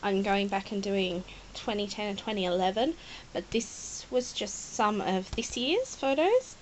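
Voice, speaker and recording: A woman's voice: medium pitch, expressive, a little slow, a little hiss or hum, rough recording. An Australian woman chatting casually as she shows a scrapbook, rambling, apologetic and at times close to tears. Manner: emotional, near tears at times. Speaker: scrapbooking vlogger. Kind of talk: casual chat showing a scrapbook.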